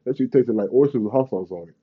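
A man's voice: medium pitch, fast talker, husky, narrow, tinny audio. Profane rambling Bay man. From Bay Area, California. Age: 30s. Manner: profane, rambling, emphatic slang. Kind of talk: casual vlog rant.

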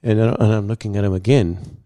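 A man guest in casual storytelling, animated, acting out what others said and using many fillers. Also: lowish voice, brisk, no room sound. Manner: animated, acts out quoted dialogue, many fillers.

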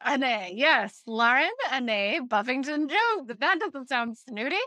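A woman's voice: high voice, lively intonation, takes it slowly, sharp tone, no room sound. A woman co-hosting a podcast, playful and giggly in casual chat. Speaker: podcast co-host.

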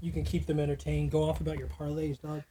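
A man's voice: a little high, completely flat delivery, fast talker, mellow, slight background noise. A young man co-hosting a sports podcast in a laid-back, slangy chat. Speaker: podcast co-host.

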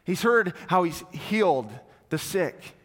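A male pastor tells a story during a sermon and grows softer and lower as he invites the church to respond. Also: expressive, takes it slowly. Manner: storytelling, falls soft and low when inviting. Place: church sanctuary. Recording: long hall reverb.

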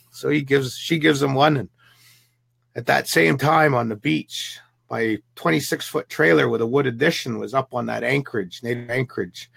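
A man's voice: medium pitch, moderate pace, creaky, a bit bright, slightly rough, no room sound. A man from the Pacific Northwest, a guest telling a vivid first-hand story and acting out the people in it. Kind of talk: storytelling an encounter.

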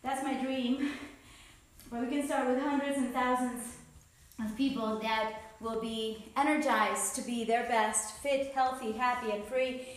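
Breathless from working out, a female podcast host with a fairly high, steady voice speaks at a measured pace in a reverberant setting. Her casual motivational chat is upbeat, with plenty of self-coaching and encouragement.

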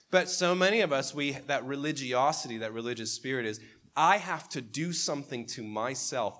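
A man preaching a sermon in a conversational, animated way, often asking the congregation questions. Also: medium pitch. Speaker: pastor.

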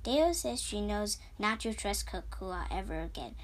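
A woman voicing a gentle village boy with a dragon in a read-aloud storybook, soft and earnest. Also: medium pitch, lively intonation, unhurried, a little hiss or hum, lightly acted, rough recording.

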